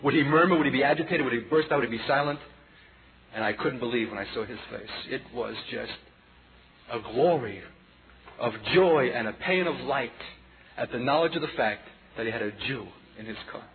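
A man in his forties preaching a personal testimony sermon, impassioned and dramatic, swinging between hushed passages and loud outbursts. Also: medium pitch, brisk. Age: 40s. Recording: tinny lo-fi sermon tape with audience noise.

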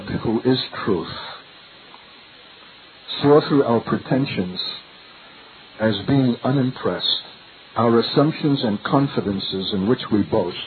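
An older man delivers a sermon, earnest and searching, pressing rhetorical questions on his listeners. His voice sits in a middle register and comes through a tinny, phone-like recording. A faint hiss runs underneath. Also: mid-range voice. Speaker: preacher.

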